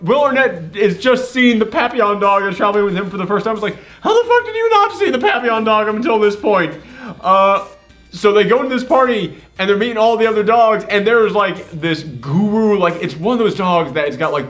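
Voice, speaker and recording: Higher-voiced man ranting about a movie. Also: moderate pace, faint music behind. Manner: animated, swears freely, sarcastic. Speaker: host. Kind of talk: casual movie reaction chat.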